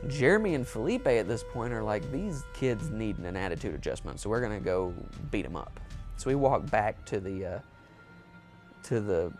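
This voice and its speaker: A man telling a rambling, amused story in a casual storytime monologue. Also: on the low side. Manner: rambling, amused, with self-corrections. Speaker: storyteller, show host.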